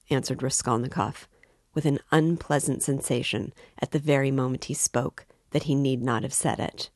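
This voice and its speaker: A woman reading a classic novel aloud as an audiobook in a measured, even way. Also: extremely low pitch, dry recording, clean studio sound. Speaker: audiobook reader. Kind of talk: literary audiobook narration.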